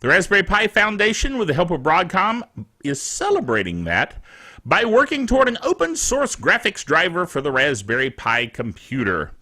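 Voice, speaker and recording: A man's voice: high voice, moderate pace. A man hosting a casual tech news show, reading the week's stories with jokey asides and chuckling at himself. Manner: animated, jokey, chuckles at his own asides.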